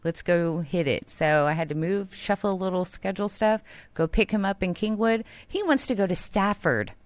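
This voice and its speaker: A woman radio co-host, chatting casually and telling an animated story, acting out other people's lines. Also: mid-range voice, moderate pace, dry recording. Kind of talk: casual on-air banter and storytelling.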